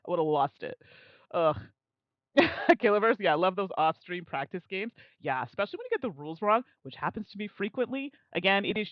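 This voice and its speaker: Lively, chatty woman streaming a board game. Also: mid-range voice, dry recording, dull audio. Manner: chatty, self-mocking, quick to laugh. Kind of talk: casual live-stream commentary.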